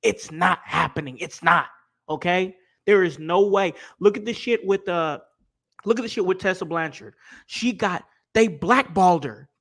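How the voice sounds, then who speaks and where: A man hosting a casual livestream chat, making his points emphatically and repeating them slowly. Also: high-pitched, vocal fry, fairly bright tone. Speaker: podcast host.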